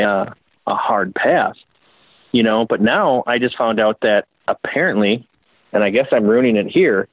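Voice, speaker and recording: A man's voice: fairly low pitch, no room sound. A man from the Minneapolis area, a custom bike builder being interviewed, telling stories in a casual, profane, self-deprecating way. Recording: dry phone-like audio.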